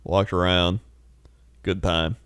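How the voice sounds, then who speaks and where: A man's voice: low-pitched, little pitch movement, slow, a bit bright, clean tone, dry recording, clean studio sound. A man co-hosting a casual comedy podcast, telling rambling stories and laughing often. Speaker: podcast co-host.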